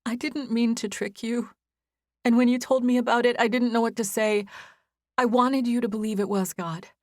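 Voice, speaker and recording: Woman narrator doing nervous tearful young woman, breathy, rushed apologies, raised pitch, dry close sound. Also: steady tone, dry recording, natural voice. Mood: tearful confession. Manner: breathy and apologetic, words tumbling out. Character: tired, nervous young woman on the verge of tears. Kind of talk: audiobook character voice.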